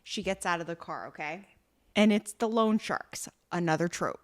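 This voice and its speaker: A woman co-hosting a podcast, retelling a drama plot in lively casual chat, with frequent swearing. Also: lowish voice, moderate pace. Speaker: podcast co-host.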